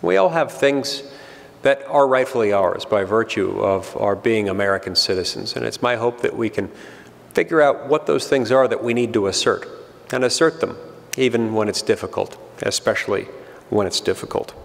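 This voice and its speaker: Gravelly man speaking in a large hall. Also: lowish voice, moderate pace. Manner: dry self-deprecating storytelling. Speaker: senator giving a speech. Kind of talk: humorous public speech. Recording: long hall reverb.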